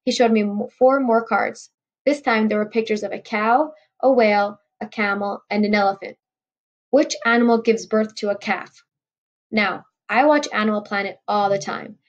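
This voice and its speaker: A woman's voice: medium pitch, fairly even intonation, normal speed, muffled recording. A woman reading a novel aloud in a wry first-person storytelling voice. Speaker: audiobook reader.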